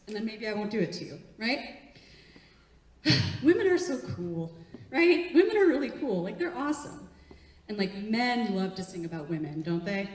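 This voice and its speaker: This young stand-up comedian is very animated, speaking at normal speed in a mid-range, slightly mellow voice. She's live on a theatre stage in front of an audience, chatty, laughing a lot and working the crowd, captured from afar in an echoey room.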